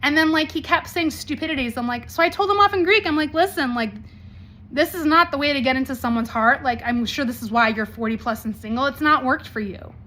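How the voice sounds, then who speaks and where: A woman in her forties talking candidly to camera as a vlogger, blunt and animated, swearing freely. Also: high-pitched, fairly quick. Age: 40s.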